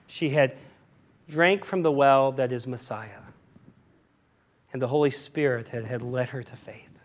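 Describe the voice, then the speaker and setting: A male pastor preaching a sermon, animated and emphatic, often repeating himself as he explains scripture. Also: on the high side.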